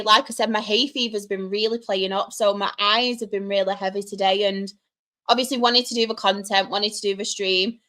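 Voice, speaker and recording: With a medium-pitched, fairly bright voice, the young woman streams live and responds to chat questions in her Mancunian accent. She keeps things casual, laughing frequently and bantering with her viewers.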